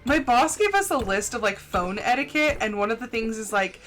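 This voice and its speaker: A young woman streaming a farming game, chatting fast and casually with a slight lisp and lots of "like". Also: on the high side, expressive, a bit bright. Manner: chatty, fast, says "like" a lot. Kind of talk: casual chat while gaming. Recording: faint music underneath.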